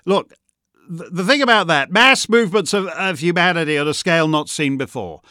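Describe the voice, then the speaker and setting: A man's voice: a little high, lively intonation, a little fast, sharp tone, no echo, studio quality. A man hosting an opinionated commentary monologue, rambling with stumbling restarts and breaking into heated outbursts. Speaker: host.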